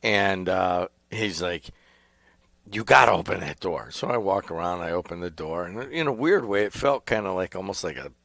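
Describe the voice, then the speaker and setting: A man's voice: low-pitched, animated, moderate pace, few pauses, fairly bright tone, no room sound. A middle-aged man, a radio station owner and host rambling casually on air from a small studio. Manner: rambling, conversational storytelling. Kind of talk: casual talk radio chat.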